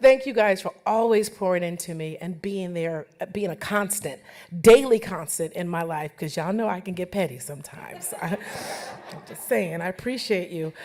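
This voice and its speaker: A woman in her forties giving an emotional acceptance speech at a banquet, laughing often and joking with the audience. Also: medium pitch. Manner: warm, laughing often, playful asides to the audience.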